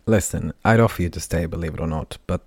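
A man's voice: deep voice, quick pace, vocal fry, a little mellow, dry recording. A man voicing a brash, teasing female magic healer who talks breezily and sarcastically, with plenty of fillers.

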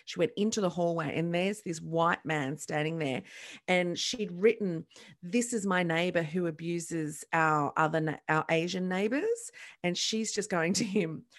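A woman co-hosting a podcast, chatting casually and telling stories with quick bursts and acted-out quotes. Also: lowish voice. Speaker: podcast co-host. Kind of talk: casual chat.

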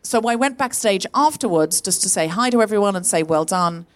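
A woman's voice: mid-range voice, fairly quick. Woman telling a story on a live stage. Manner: animated storyteller, acts out quoted voices. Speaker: podcast co-host. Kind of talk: live comedy podcast storytelling.

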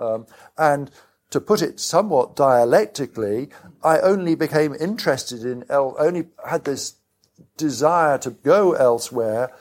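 A man's voice: a little high, expressive, unhurried, a little mellow. A man being interviewed about his book at a live event. He talks in a rambling, self-deprecating way with frequent restarts. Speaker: author and guest. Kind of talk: conversational onstage interview. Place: live event venue with an audience.

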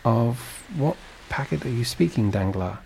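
A man's voice: mid-range voice, expressive, measured pace, gravelly, darkish tone, slight background noise, poor audio. A man reading a storybook and voicing a kindly, fatherly shipowner who asks questions. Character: male shipowner, warm and fatherly employer.

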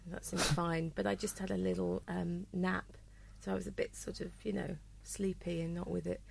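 A Welsh-born actress chatting and giggling as a guest on a comedy radio show. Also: female voice, fairly low pitch, steady tone, normal speed, gravelly, hardly any pauses, slight background noise. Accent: neutral English, Welsh accent lost. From Wales. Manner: chatty, giggly, self-deprecating. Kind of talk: comedy panel chat.

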